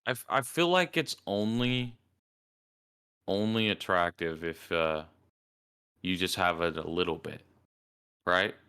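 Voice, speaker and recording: A man's voice: low-pitched, a little slow, pauses often, pushed and bright, smooth. A man with a Southern US accent, co-hosting a podcast and telling rambling stories in casual chat. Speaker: podcast co-host.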